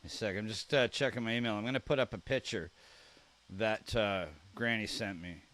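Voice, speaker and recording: A man's voice: lowish voice, normal speed, a bit bright. A man hosting a live stream, chatting casually and reading viewer comments aloud in a friendly, joking way. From Canada.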